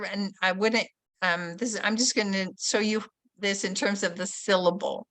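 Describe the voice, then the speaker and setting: Woman, literacy trainer, bright clear tone, instructive, modeling classroom prompts. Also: mid-range voice, lively intonation, unhurried. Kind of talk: professional development webinar.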